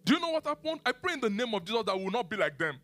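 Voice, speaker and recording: A man preaching a sermon and teaching the Bible, animated, asking his listeners questions and laughing often. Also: high-pitched, very fast, soft background music.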